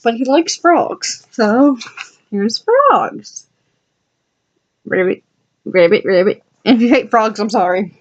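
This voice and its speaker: A woman's voice: fairly high pitch, very animated, takes it slowly, dull audio. A woman vlogger chatting casually and with enthusiasm as she flips through her journal, adding asides to her viewers. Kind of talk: casual rambling chat.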